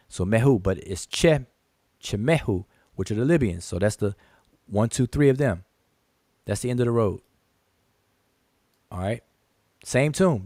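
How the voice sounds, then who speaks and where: Emphatic man with a low voice. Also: darkish tone, no echo, studio quality. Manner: emphatic, repeats words, points things out, counts aloud. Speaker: channel host teaching hieroglyphs. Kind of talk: screen-share lesson with rebuttal.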